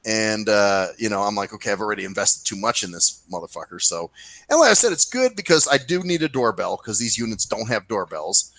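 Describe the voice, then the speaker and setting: A man's voice: lowish voice, a little fast, no room sound, rough recording. A man telling a long, profane rant in casual chat with a friend, putting on voices for the people in his story. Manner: ranting storyteller, animated, swears freely; mimics people in put-on voices. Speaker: podcast co-host.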